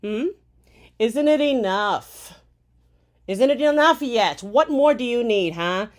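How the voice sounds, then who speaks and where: A woman from Puerto Rico in an angry rant to camera. She is heated and profane, firing rhetorical questions with "okay?" tags and swinging between loud outbursts and low, bitter murmurs. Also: expressive, takes it slowly. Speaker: commentator.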